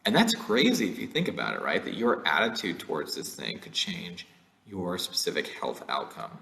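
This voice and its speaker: A low-voiced man with a gravelly edge gives an online lecture in a loose, conversational way. His pitch rises and falls widely as he keeps checking in with his listeners. The sound is roomy, with an echo around his voice. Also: wildly swooping pitch, moderate pace, pushed and bright. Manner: conversational, frequent "right?" and "like", jokey asides.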